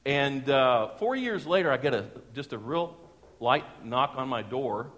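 A middle-aged man, preaching a sermon as a pastor and telling a personal story in a lively, folksy way with chuckles. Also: mid-range voice, unhurried. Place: church sanctuary. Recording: long church hall reverb.

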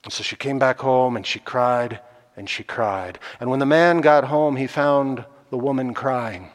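Slow, hushed male storyteller. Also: medium pitch. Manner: slow and deliberate, swinging from loud to hushed. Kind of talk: oral storytelling. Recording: long hall reverb.

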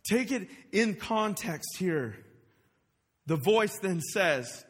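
A man, a parent, preaching a casual, animated sermon on a microphone, sometimes shouting acted-out lines. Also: high-pitched, slow pace, husky, in a large hall. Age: adult parent. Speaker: pastor. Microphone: wearing a microphone.

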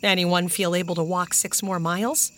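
A woman voicing a steady, reassuring older brother. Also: lowish voice, normal speed, close to an everyday voice. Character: sensible, cheerful older brother, a boy.

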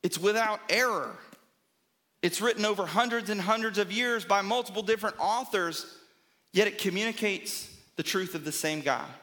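A male pastor delivers a sermon in a high, bright voice. He preaches emphatically, building rhythm through repeated phrases and checking in with the congregation as he goes.

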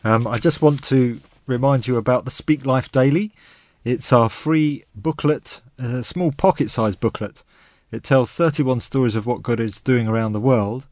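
Relaxed, chatty man hosting a podcast. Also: mid-range voice, normal speed, few pauses, no echo. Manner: relaxed, chatty, with small restarts. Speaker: podcast host. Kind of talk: casual podcast chat.

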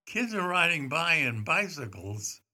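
An older man tells a story at an unhurried, slow pace, pausing often on "uh" as he gathers his thoughts. His voice is very bright and forceful, a little tense at the edges. It is a relaxed, rambling anecdote told to a listener. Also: on the high side. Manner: rambling, halting with frequent "uh" fillers. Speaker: storyteller recalling a celebrity visit. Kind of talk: casual anecdote.

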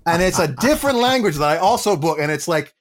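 Man telling an animated anecdote. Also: high-pitched, fast talker. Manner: animated storyteller acting out dialogue. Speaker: actor guest. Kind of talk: interview anecdote.

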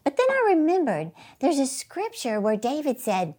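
Woman, fairly high voice, emphatic motivational speaker for a faith-based channel. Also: huge pitch swings, normal speed, hardly any pauses, darkish tone. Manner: upbeat and emphatic, with rhetorical questions to the viewer. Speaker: inspirational speaker and channel host.

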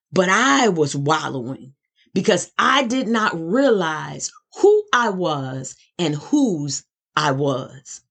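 A middle-aged woman minister giving a personal testimony, slow and dramatic, building emphasis through repetition. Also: lowish voice, sing-song, gravelly, fairly bright tone, husky.

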